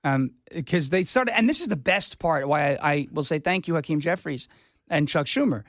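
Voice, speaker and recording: A man appearing as a guest on a talk radio show, speaking in a rambling, excitable way about his comedy work. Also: on the high side, normal speed, no echo, clean studio sound. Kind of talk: casual interview chat.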